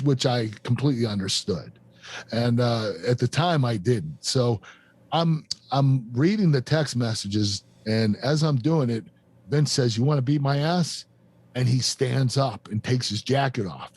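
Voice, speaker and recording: A man in his fifties, a guest on a podcast, telling a painful personal story in a halting, emotional way with many fillers and restarts. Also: mid-range voice, darkish tone, breathy edge. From United States. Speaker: guest, former pro wrestler.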